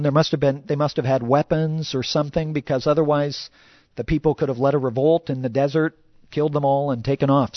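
A man's voice: fairly high pitch, dry recording, highs cut off. Man preaching a casual sermon. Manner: conversational, frequent "you know" fillers. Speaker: pastor.

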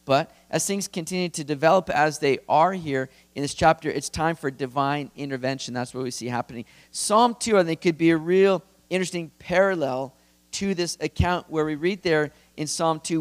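A man's voice: fairly high pitch, normal speed. A male pastor giving an expository sermon in a conversational, earnest, emphatic way.

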